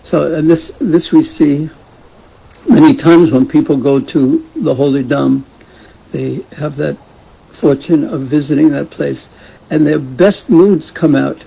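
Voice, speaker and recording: A man's voice: on the high side, measured pace, creaky, slightly rough, poor audio. A man teaching a scripture class, retelling a story in a casual way and asking the class questions. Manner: gentle, asks the class questions, chuckles.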